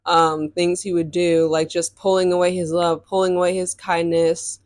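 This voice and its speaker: With a lowish, darkish voice and a flat delivery at a moderate pace, a young podcast host recounts a personal story casually and emphatically, leaning heavily on "like" and "um". The sound is studio quality with no echo.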